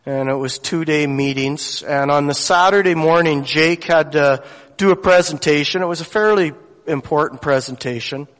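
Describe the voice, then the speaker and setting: A man's voice: a little high, moderate pace, fairly bright tone. A man, a lay preacher telling a story in a sermon with folksy, conversational asides, in a church sanctuary. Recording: long church hall reverb.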